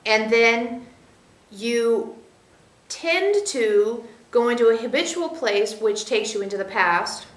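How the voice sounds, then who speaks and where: High-voiced woman giving a channeled teaching. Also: expressive. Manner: measured, explanatory, speaks as "we", checks in with listeners. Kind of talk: channeled spiritual teaching to a group. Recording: roomy echo.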